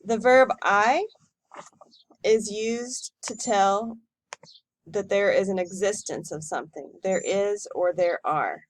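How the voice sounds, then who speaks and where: A woman teacher giving a recorded lesson, modelling each number slowly and clearly for students to repeat. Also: medium pitch, no echo. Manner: slow, careful model pronunciation for repeating. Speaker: Spanish teacher.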